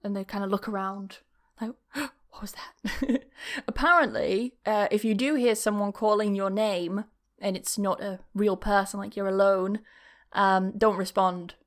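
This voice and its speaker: Laughing frequently, a young female podcast host shares personal stories in a loose, confessional, rambling way, recorded through a camera mic. Her voice is medium-pitched with fairly even intonation and a moderate pace.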